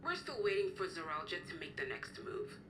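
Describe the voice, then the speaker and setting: An actress voicing a woman character in a game, speaking in a light, unhurried way. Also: fairly low pitch, big pitch swings, background noise. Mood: calm. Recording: game audio with ambience and echo.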